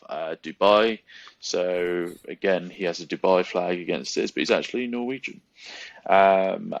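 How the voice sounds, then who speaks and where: A man's voice: on the low side, fairly bright tone, no echo, dull audio. A man hosting a casual sports podcast, rambling through results with many ums and teasing his co-host.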